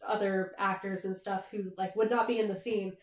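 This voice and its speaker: A woman's voice: medium pitch, level tone, normal speed. A young woman co-hosting a podcast, chatting enthusiastically as a fan, rambling with fillers. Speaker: podcast co-host. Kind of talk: casual chat. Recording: echoey room.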